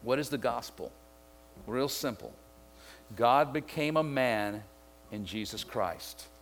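A man's voice: mid-range voice, slow pace, soft background music. A middle-aged pastor from Mississippi preaching a sermon, telling a story and driving home his point. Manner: storytelling, builds to excited shouting.

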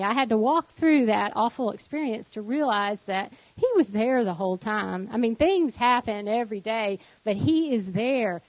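A woman in her thirties sharing a personal faith testimony, telling it as a lively story and acting out both sides of the quoted conversations. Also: fairly high pitch, no room sound, low-quality recording. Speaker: guest giving a testimony.

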